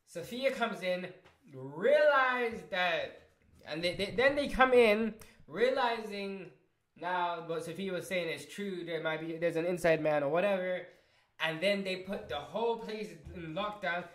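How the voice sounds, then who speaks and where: Excitable man recapping in a roomy echo. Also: high voice, measured pace. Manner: excitable, swearing, many restarts and fillers. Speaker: show reviewer. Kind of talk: casual recap review.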